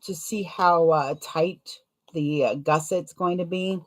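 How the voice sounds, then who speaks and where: A woman's voice: on the low side, fairly even intonation, slow pace. A young adult woman chatting casually while sewing, rambling and self-deprecating, laughing often and wincing from a sore foot. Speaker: sewing vlogger.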